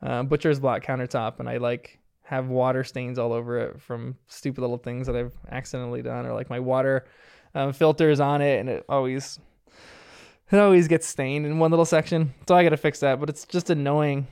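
A man's voice: mid-range voice, little pitch movement, brisk, creaky, darkish tone, clean tone. A man casually recapping a cartoon episode in a chatty, rambling way, with lots of filler words. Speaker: show recapper.

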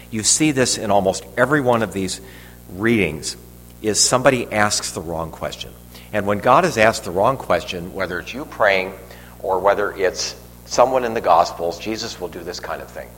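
A man's voice: lowish voice, expressive, normal speed, fairly bright tone. An older man preaching a homily, telling a rambling personal story with frequent restarts and fillers. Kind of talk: sermon. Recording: long reverb, faint noise.

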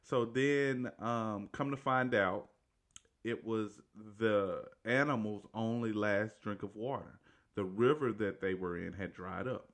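A man with a somewhat low voice talks his way through a movie plot in an easygoing, colloquial manner. He keeps restarting and correcting himself, checking in with a loose "right?" as he goes. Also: takes it slowly. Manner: rambling, with frequent restarts and self-corrections. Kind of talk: casual retelling of a movie plot.

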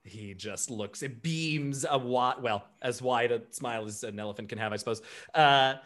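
A man's voice: mid-range voice, normal speed, a bit bright. Chatty man running a tabletop game. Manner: chatty, many fillers and restarts. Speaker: game master.

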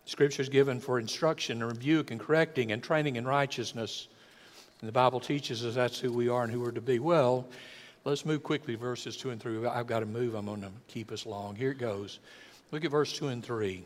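An older man, preaching a folksy sermon that swells from quiet to loud and acts out voices. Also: medium pitch, a little fast. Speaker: pastor. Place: church sanctuary. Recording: long church hall reverb.

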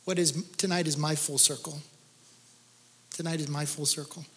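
A man's voice: a little high, steady tone, normal speed, a bit bright, in a large hall. Earnest man giving a testimony sermon. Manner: earnest storytelling, rising to intense emphasis. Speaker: guest speaker.

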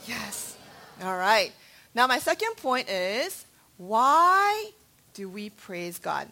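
A woman in her thirties preaches a sermon to her church family in a high-pitched, sharp voice that is very animated yet unhurried. She tells lively stories and quizzes the congregation as she goes.

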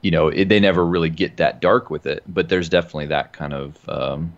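A man chatting casually about a film he watched with his kids, speaking in a relaxed, thoughtful way with many fillers. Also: very deep voice, fairly quick, creaky. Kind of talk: casual film review chat. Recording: dull lo-fi sound.

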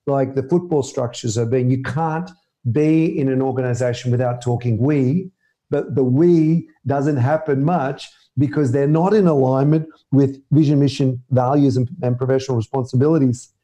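A man, a mindset coach answering interview questions in an energetic, emphatic way. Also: mid-range voice. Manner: energetic, emphatic, animated with quick bursts.

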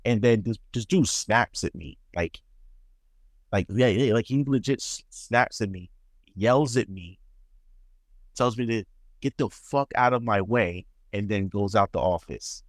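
A man co-hosting a casual podcast, telling a work story with animated, swear-laced reenactments. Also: a little slow, no room sound, clean studio sound. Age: adult, calls himself too old for that. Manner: animated, acts out quotes with sharp pitch jumps, swears freely. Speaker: podcast co-host.

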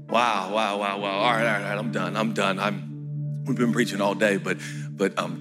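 A pastor preaching a sermon in an animated, joking way, often jumping into high, shouted outbursts. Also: male voice. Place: church hall. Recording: echoey hall with faint music.

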